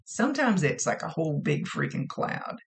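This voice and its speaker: A woman's voice: sits low, big pitch swings, normal speed, creaky. A woman working as a psychic medium who gives a casual reading, relaying messages and direct advice and often repeating her phrases.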